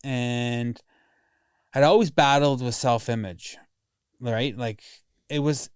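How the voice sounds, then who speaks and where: A man's voice: mid-range voice, fairly even intonation, slow, clean tone, no echo, studio quality. A man speaking candidly and emotionally as a podcast guest, swearing freely as he talks about his past. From Greek heritage family. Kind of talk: candid conversation.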